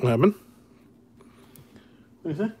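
A man hosts a casual livestream card break at an easy, unhurried pace. His talk is laid-back and chummy, calling viewers brother and man. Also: a little high, big pitch swings, dark tone, breathy edge. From Chicago area.

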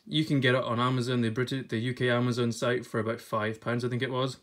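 A young man from Scotland with a Scottish accent, chatting casually about a book, laughing often and reading bits aloud haltingly. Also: mid-range voice, level tone. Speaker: vlogger. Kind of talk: casual unboxing chat.

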